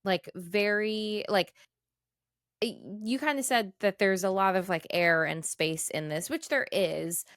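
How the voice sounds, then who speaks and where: A woman's voice: medium pitch, measured pace, a bit bright, dry recording, studio quality. A woman co-hosting a podcast in casual chat, rambling and giggly with lots of fillers. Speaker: podcast co-host.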